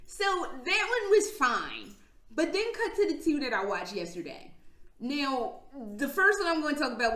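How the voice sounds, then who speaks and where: A woman with a highish, fairly bright voice tells stories in a casual vlog, and the room echoes around her. She laughs a lot and leans heavily on slang and curse words.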